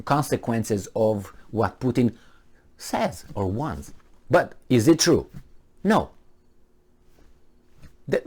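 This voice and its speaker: A man ranting in a solo commentary, sarcastic and mocking, asking rhetorical questions and often pausing with fillers. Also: on the low side. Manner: halting, with frequent fillers and restarts. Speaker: political commentator.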